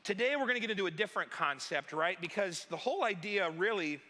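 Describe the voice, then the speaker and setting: Bright, high-voiced pastor in a reverberant hall. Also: male voice, fast talker. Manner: chatty, joking, animated. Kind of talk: sermon. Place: church hall.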